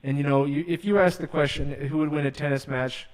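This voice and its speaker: A man's voice: fairly high pitch, steady tone, a little fast, rough recording. A man hosting a call-in show, earnest and apologetic, with nervous laughs. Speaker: radio show host.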